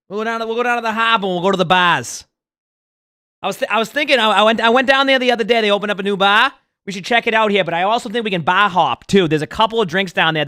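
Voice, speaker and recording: A man playing a loud, pushy bar-hopping guy with a Boston accent, ranting with a brash, hyped sales pitch. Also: smooth, no room sound, studio quality.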